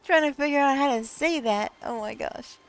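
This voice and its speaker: A woman's voice: high voice, normal speed. A woman live streaming, chatting casually with viewers, reading chat aloud and playing with how words are pronounced. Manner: reads chat aloud and plays with word pronunciations.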